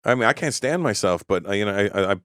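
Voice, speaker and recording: A man guesting on a talk show, chatting casually and telling profane, animated anecdotes. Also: on the low side, fast, smooth, no echo, studio quality. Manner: profane, storytelling, lively delivery. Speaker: comedian guest. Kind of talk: casual podcast chat.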